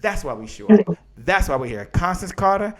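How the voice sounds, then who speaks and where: A man's voice: high-pitched, very animated, moderate pace. A man hosting a live motivational business show, talking with energy and chanting the same lines over and over like a preacher. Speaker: host.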